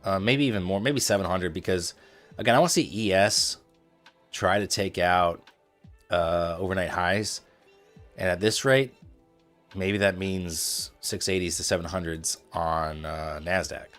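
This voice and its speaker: This trading livestreamer from Indianapolis has a low, slightly bright voice, a neutral Midwestern accent, and a somewhat slow delivery, with faint music in the background. He casually comments on his trades, jokes with his chat, and tosses in playful asides.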